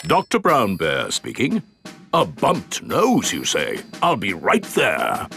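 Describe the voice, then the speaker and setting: An actor playing a calm, brisk male bear doctor in a children's cartoon, speaking in a gravelly voice over music. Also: lowish voice, heavily acted. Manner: brisk, matter-of-fact.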